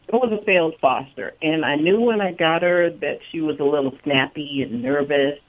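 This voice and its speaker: A caller on a radio phone-in, telling a rambling, worried story about a pet. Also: mid-range voice. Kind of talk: phone-in call. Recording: tinny phone line.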